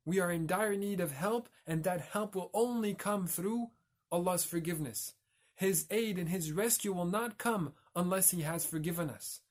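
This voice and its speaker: High-voiced man giving a reflective religious talk. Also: moderate pace. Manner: explanatory, pronounces Arabic terms carefully. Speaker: religious teacher.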